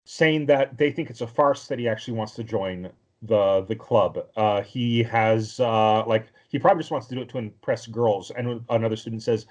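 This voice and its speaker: This podcast co-host has a fairly low-pitched voice and talks at a normal speed. He rambles through a cartoon episode recap in easygoing conversation, stumbling over fillers and restarting his sentences.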